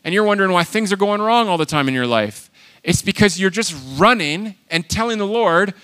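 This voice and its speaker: A man preaching a sermon, animated and emphatic, swinging between loud exhortation and quiet asides. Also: high voice, fairly quick, clean tone. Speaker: pastor.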